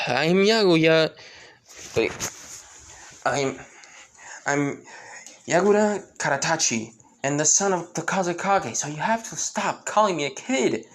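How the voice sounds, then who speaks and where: A man's voice: animated, takes it slowly, long pauses, full character voice. A man voicing a short, touchy young man who is always mistaken for a child, in a fan storybook reading. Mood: angry. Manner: indignant, shouting high.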